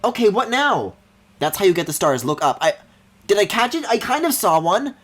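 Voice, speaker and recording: A man streaming a video game, thinking aloud in a low mumble and breaking into high, excited squeals and mock-outraged swearing. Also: fairly quick, soft background music. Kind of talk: live-streamed gameplay commentary.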